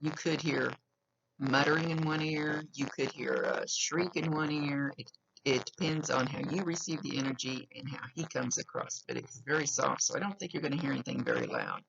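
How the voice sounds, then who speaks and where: A woman's voice: deep voice, animated, moderate pace, creaky, fairly bright tone, slight background noise. A woman psychic medium with a slight lisp, giving an earnest, reassuring reading and repeating key phrases. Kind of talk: giving a spoken reading to a client. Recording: dull lo-fi recording.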